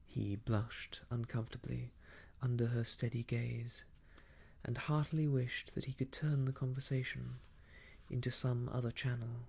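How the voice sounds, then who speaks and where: A man narrating an old novel in a whispered role-play, slow, hushed and soothing. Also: medium pitch, little pitch movement, creaky, slightly rough. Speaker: storyteller.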